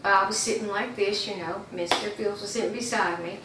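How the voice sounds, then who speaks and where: A woman's voice: medium pitch, fairly even intonation, a little fast. A woman giving earnest personal testimony, retelling events and acting out the dialogue, with some stammering. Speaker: community member giving testimony. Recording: roomy, distant mic, faint background noise.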